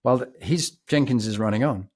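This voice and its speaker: A man's voice: medium pitch, brisk. Posh British man telling stories. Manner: reflective, vivid, animated storyteller. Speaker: podcast guest. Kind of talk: anecdotal storytelling.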